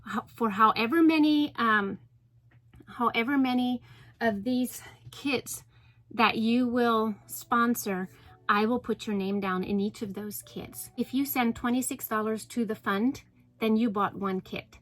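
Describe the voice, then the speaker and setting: A young woman vlogger talking casually to the camera from inside an RV, soft and earnest, with many ums and restarts. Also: fairly high pitch, measured pace, poor audio.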